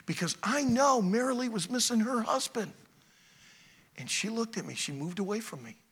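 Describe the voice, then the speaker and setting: A middle-aged man preaching a sermon in a church, swinging from loud exhorting to quiet storytelling. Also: sits high, animated, normal speed, slightly rough.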